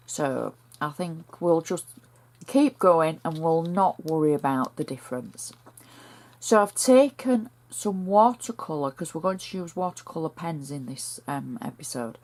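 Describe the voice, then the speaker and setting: Slow, low-voiced northern English woman crafter. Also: expressive, a little mellow. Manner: chatty, homely, talks through each step. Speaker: crafter demonstrating a card project. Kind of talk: step-by-step craft tutorial.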